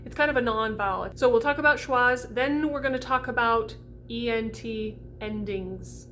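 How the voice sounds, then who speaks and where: Bubbly woman voice coach, slightly high. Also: moderate pace, slight background noise. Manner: bubbly, animated, demonstrates sounds aloud. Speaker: classical voice coach. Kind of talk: teaching French diction for singers.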